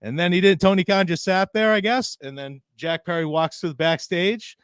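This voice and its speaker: Podcast guy retelling wrestling drama, laughs a lot, kinda high voice, dry mic. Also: normal speed, clear, resonant tone, dry recording. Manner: animated retelling, laughs often, quotes others. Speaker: podcast co-host. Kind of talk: casual wrestling commentary chat.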